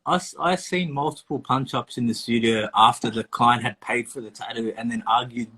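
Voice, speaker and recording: A man's voice: mid-range voice, fairly even intonation, normal speed, pushed and bright, husky. A young man, a tattoo artist talking in a laid-back way, full of "like" and swearing. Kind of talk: casual chat.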